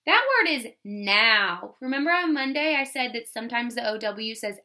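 A woman teaching a phonics lesson to first graders, sounding words out slowly. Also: a little high, animated, pushed and bright. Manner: slow, exaggerated sounding-out of words. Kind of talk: phonics lesson for young children.

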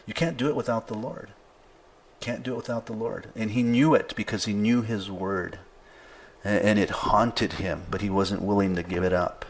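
A man's voice: fairly low pitch, steady tone, moderate pace, a little hiss or hum. A male pastor preaching a sermon in an easygoing conversational way, reading scripture aloud with rising emphasis.

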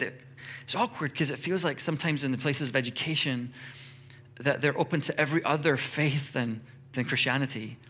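A middle-aged man preaching a sermon in a church, lively, acting out short everyday dialogues in quick voices. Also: medium pitch. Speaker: pastor.

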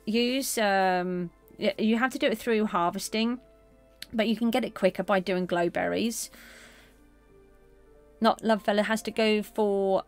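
A middle-aged woman streaming a game, chatting casually with viewers and answering them in a gentle, consoling way. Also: medium pitch. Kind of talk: casual live-stream chat.

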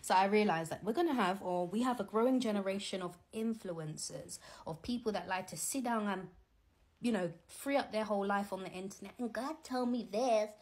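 A middle-aged woman gives animated, teasing, preachy commentary as a Christian vlogger, talking casually from home. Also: medium pitch, a little fast.

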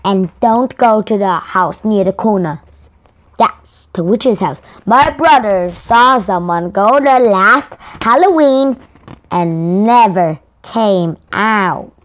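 A boastful schoolboy from a picture book taunts his friends and spreads spooky rumors, as a woman reads his part. His voice jumps up with excitement, though the pace stays slow. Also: mid-range voice, a little hiss or hum. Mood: teasing.

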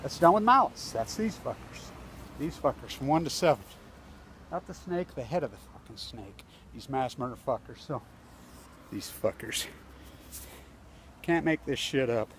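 A man's voice: medium pitch, animated, normal speed, pauses often, a bit bright, a little hiss or hum. A man filming himself outdoors on a phone, angrily ranting with heavy profanity and a lot of repetition. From United States. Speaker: protester. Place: outdoors by a building entrance.

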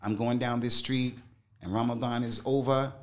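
A man's voice: mid-range voice, steady tone, normal speed. Emphatic middle-aged man telling a story. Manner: emphatic and slangy, repeats phrases for weight. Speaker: guest, Islamic scholar. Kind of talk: interview storytelling.

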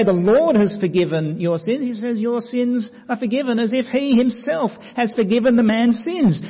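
A man preaching a sermon, telling the story dramatically and dropping to quiet emphasis. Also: sits high, breathy edge. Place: church hall. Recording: dull sound with long hall reverb.

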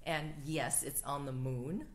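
A woman minister speaks at an unhurried pace, her voice sitting low. She leads an offering blessing and prayer for a church livestream with a gentle, prayerful cadence. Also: steady tone.

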